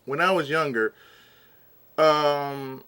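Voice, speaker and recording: A man's voice: a little high, slow, sharp tone, clean tone. A man vlogging in a casual, exasperated rant, sometimes eating as he talks. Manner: exasperated, ranting, eats while talking. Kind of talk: casual ranting commentary.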